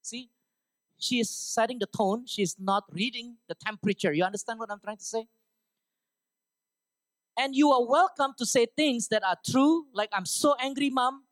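A woman preaching a sermon to students, emphatic and often checking for the audience's agreement, with bursts of loud, high exhortation. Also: moderate pace, pauses often, no room sound.

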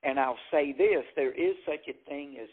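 Southern stand-up comedian, phone-like sound. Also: male voice, on the high side, moderate pace, breathy edge. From Jackson, Mississippi. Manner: animated storyteller acting out quotes. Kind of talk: storytelling interview.

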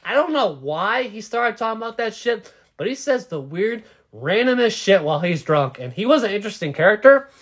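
Young man, high voice, rambling, swears a lot, casual podcast chat. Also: big pitch swings, brisk, fairly bright tone, breathy edge. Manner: rambling, profane, trails off. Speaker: podcast co-host.

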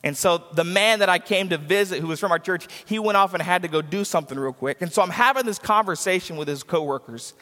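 A man's voice: high voice, quick pace, hardly any pauses, bright, forceful tone. A man preaching a sermon as a pastor, driving points home with repetition and acting out the people he quotes. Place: church sanctuary. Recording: church hall reverb.

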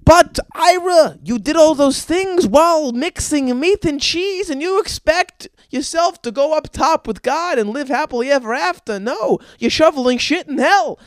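A man voicing an exasperated God scolding a dead man, in a shrill, incredulous scolding tone. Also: expressive, a little slow, few pauses, no room sound. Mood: outraged.

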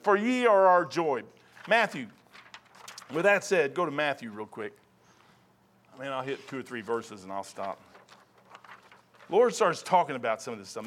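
A man's voice: fairly high pitch, fairly bright tone. A middle-aged man preaching a folksy, conversational sermon full of asides as a pastor.

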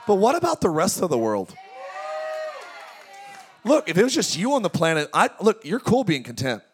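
Male pastor, high voice, energetic preaching with jokes and call-outs to the crowd. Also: moderate pace, background noise. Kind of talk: sermon. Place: large tent church.

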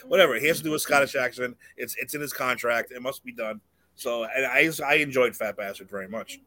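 A man's voice: medium pitch, brisk, sharp tone, no echo. A man co-hosting a podcast, chatting casually and animatedly, laughing often as he jokes. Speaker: podcast co-host. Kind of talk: casual chat.

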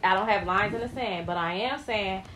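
A woman's voice: mid-range voice, moderate pace, bright, forceful tone, a little hiss or hum. A woman co-hosting a podcast, speaking candidly and reflectively in casual chat. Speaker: podcast co-host.

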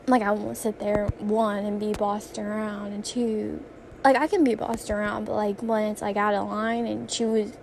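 A woman's voice: mid-range voice, level tone, moderate pace, gravelly, a little mellow, slight background noise. A young woman vlogging casually, rambling through funny stories and laughing often as she talks. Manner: giggly, rambling, laughs often mid-story. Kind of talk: casual storytelling vlog.

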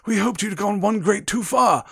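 A man's voice: high-pitched, normal speed, creaky, pushed and bright, husky, dry recording, studio quality, pitched above the performer's own voice, exaggerated voice. A man voicing a flustered, balding middle-aged father who is out of breath in a storybook reading. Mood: anxious. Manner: panting, anxious.

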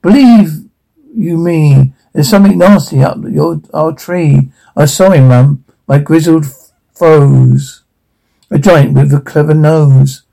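A man playing a scared little boy in a storybook, whimpering and pleading in a raised, husky voice. The tone is whiny and breathless. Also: on the high side, slow pace, warm tone, exaggerated voice, rough recording. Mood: frightened.

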